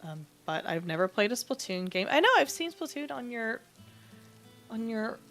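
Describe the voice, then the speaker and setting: A woman's voice: a little high, big pitch swings, normal speed, a bit bright, faint music behind. A woman streaming a game, chatting casually with her viewers in a rambling, self-deprecating way. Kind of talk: casual livestream chat while playing.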